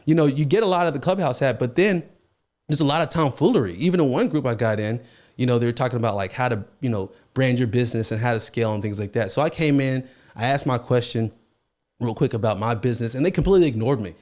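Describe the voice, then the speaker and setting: A man's voice: mid-range voice, fast. A man hosting a podcast, telling stories casually and acting out the quotes in them. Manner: animated, acts out quotes in his stories. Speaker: podcast host. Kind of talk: casual storytelling.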